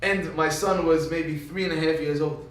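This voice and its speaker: A man's voice: a little high, moderate pace. A male rabbi giving a Torah lecture, telling stories animatedly and acting out what people said. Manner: animated storyteller who acts out quoted speech. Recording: echoey hall, speaker far from mic.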